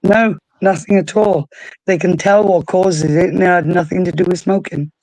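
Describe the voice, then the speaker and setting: A woman with a deep, husky voice speaking firmly and forthrightly as a guest in a casual stream chat. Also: steady tone, normal speed, a little mellow, no echo, poor audio. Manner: firm, forthright.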